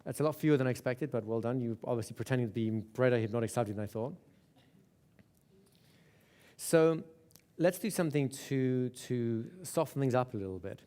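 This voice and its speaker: Brief: male seminar instructor at a middling pitch, chatty, keeps checking in with the room and repeating words. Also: fairly quick, warm tone, clear, resonant tone. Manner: conversational, with repeated checks like "right?". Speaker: hypnosis instructor. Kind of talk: live seminar teaching.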